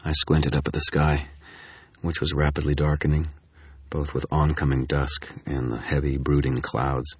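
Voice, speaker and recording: A man giving steady, grim first-person audiobook narration. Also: extremely low pitch, moderate pace, husky, dry recording.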